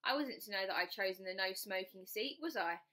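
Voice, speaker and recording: A woman's voice: medium pitch, fairly quick, bright, forceful tone. A woman reading a children's storybook aloud, narrating in the first person with expression. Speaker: storybook reader.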